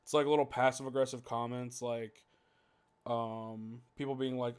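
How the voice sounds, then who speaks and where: A man's voice: mid-range voice, fairly even intonation, moderate pace, clean tone. A man hosting a casual podcast, ranting heatedly with lots of swearing and "like" fillers. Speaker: podcast host.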